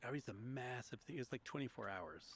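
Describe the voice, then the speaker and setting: A man's voice: mid-range voice, animated, a little fast, background noise. A man from Long Island being interviewed as a guest, talking through his story in a reflective, storytelling way with small restarts. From Long Island, United States. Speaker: guest, history podcaster and author. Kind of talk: conversational interview.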